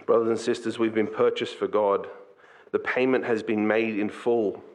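A man preaching a sermon as pastor, earnest and conversational, slipping into quick acted asides. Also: lowish voice, little pitch movement.

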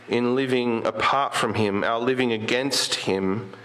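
A man preaching a sermon in a conversational way. He often asks rhetorical questions and slows down and rises when he quotes scripture. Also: mid-range voice, fairly even intonation, fairly bright tone. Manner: slows down and lifts his voice when quoting Jesus.

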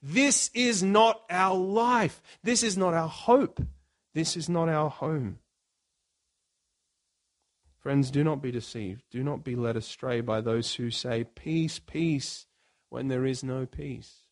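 Slow, emphatic preaching man. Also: fairly high pitch. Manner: earnest, emphatic preaching with dramatic pauses. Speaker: pastor. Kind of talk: sermon.

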